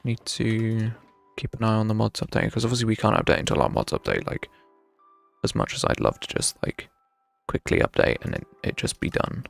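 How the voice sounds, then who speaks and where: A young adult man talks his way through live gameplay, musing aloud with self-mocking humor. His lowish, gravelly voice moves briskly in a sing-song way, with faint music playing behind him.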